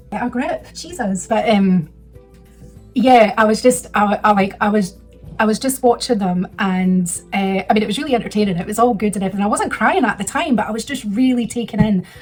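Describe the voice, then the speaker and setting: A woman's voice: mid-range voice, a little fast, soft background music. A woman in her thirties telling a rambling, emotional personal story in a casual vlog. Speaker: vlogger.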